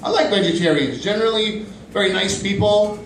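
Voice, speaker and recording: A man in his thirties doing a stand-up comedy set in a small club, animated and quick to jump into high-pitched voices for his bits. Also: a little hiss or hum. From Pakistani family, grew up in Canada. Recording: roomy club from a distant mic.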